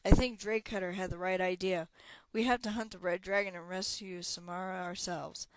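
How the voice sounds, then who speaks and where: A woman's voice: on the low side, fairly even intonation, moderate pace, dry recording, natural voice. A woman reading aloud, voicing an anxious young male hero in a subdued, glum tone. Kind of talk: audiobook character voice.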